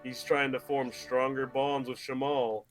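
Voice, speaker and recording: A podcast co-host with a middle-pitched voice, laughing often and telling comic bits. He sometimes jumps into loud acted voices. Faint music plays under him. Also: little pitch movement, measured pace. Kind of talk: casual gaming podcast chat.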